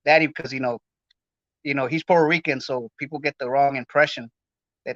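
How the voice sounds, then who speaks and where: A Los Angeles podcast host rambles casually in slangy, filler-packed chat, his mid-range voice steady, brisk, creaky, and a bit bright. The recording is dry, dull, and lo-fi.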